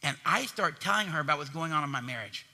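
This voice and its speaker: A man preaches an animated sermon, punching key words and tossing questions to the congregation. His voice is high for a man and very bright and forceful. A long reverb from the church hall hangs behind him. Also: quick pace. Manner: animated, emphatic preaching with call-and-response questions. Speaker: pastor.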